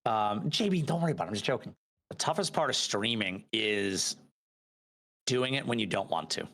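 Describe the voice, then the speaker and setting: A man guest on a gaming podcast, talking in a rambling, halting way with many fillers and restarts. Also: fairly low pitch, lively intonation, fairly bright tone. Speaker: podcast guest and live streamer. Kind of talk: casual podcast chat.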